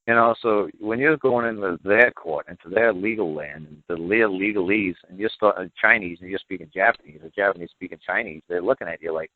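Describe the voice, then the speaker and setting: A man's voice: deep voice, brisk, few pauses, dry recording. A man speaking as the guest expert on a call-in show, lecturing emphatically, repeating himself and sounding exasperated. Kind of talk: heated call-in talk. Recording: dry, tinny phone line.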